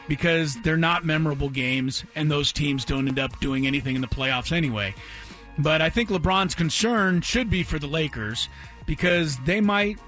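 A man on a sports debate panel, speaking in a bright, slightly high voice. He gives firm opinions on the games with a dry edge.

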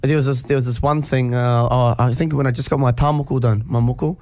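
A man's voice: mid-range voice, steady tone, quick pace, a little mellow, no echo. A young New Zealand man with a New Zealand accent, hosting a casual chat and telling stories broken up by sudden blurted tics. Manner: blurts out sudden vocal tics mid-story.

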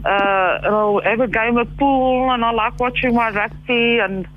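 A woman's voice: on the high side, moderate pace. A woman in her fifties on a phone call, flustered and blunt, exclaiming as she reacts. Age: 50s. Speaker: prank call target, mother. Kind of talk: phone conversation. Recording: dull phone line with faint noise.

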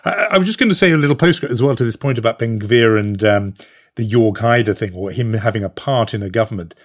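A man's voice: mid-range voice, quick pace. A British man hosting a news podcast, talking things through thoughtfully with frequent fillers and restarts. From Britain. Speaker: podcast host. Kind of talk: conversational news discussion.

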